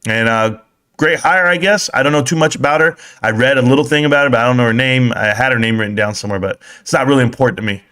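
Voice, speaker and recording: A fast-talking young man reads his chat aloud while hosting a casual stock live stream. Joking and swearing, he alternates between excited shouts and low mutters.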